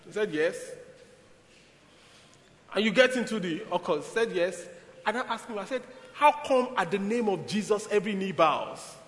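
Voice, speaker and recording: A man preaching a sermon, telling stories in an animated way with sudden loud bursts, in a church hall. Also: sits high, moderate pace. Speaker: pastor. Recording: echoey hall with long reverb.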